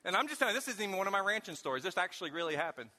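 High, bright-voiced preacher in a reverberant hall. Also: male voice, big pitch swings, rapid-fire. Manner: emphatic preaching, with folksy storytelling and sudden shouted questions. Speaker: pastor. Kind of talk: sermon.

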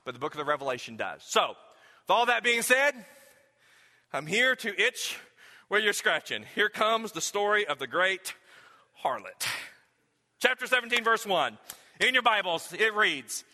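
High, bright-voiced preacher in a reverberant hall. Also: male voice, expressive, moderate pace. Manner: conversational, self-questioning preaching with repeated rhetorical questions. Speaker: pastor. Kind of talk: sermon. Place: church sanctuary.

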